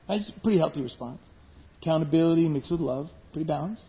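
A man preaching a sermon, animated, acting out the voices of people in his stories. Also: fairly high pitch, fast, dull audio. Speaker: pastor.

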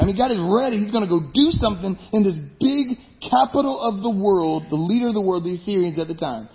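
A man preaching a sermon, animated, acting out the voices of people in his stories. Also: high voice, fairly quick, hardly any pauses, muffled recording. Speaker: pastor.

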